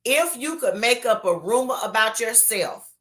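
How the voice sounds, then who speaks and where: A woman pastor hosting an online Bible study, chatting casually with drawn-out emphasis while reading viewers' comments aloud. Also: on the high side. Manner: animated, drawn-out emphasis, calls people baby.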